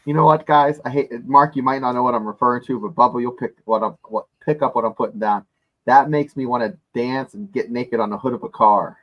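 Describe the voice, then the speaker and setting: A man's voice: medium pitch, brisk, lo-fi sound. A man co-hosting a casual sports podcast, playful and teasing in his banter. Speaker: podcast co-host.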